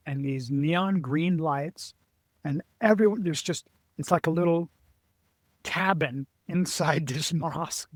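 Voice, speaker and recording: There's no echo on this slightly high-pitched voice of a middle-aged man guesting on an interview show. An adventurer and author, he tells stories casually and animatedly, voicing the people he quotes while his sentences stall and restart.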